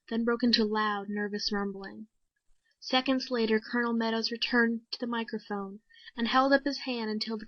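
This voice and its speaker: A woman narrating a short story in a measured, even storytelling manner. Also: fairly high pitch, no echo. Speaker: story reader. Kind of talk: scripted narration. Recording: dry, dull lo-fi sound.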